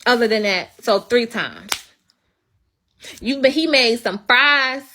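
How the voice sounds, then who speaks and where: A woman's voice: on the high side, expressive, slow, sharp tone, slight background noise. A young woman livestreaming from home, telling a story as an indignant, swearing rant. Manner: indignant, venting, swears freely. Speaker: livestream host.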